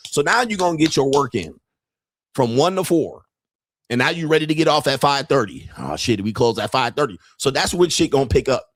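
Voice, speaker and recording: Fairly high-pitched and expressive, this brash podcast host talks a little fast, his sound very dry with no room tone. His profane livestream monologue is a rant full of laughter and impressions of other people.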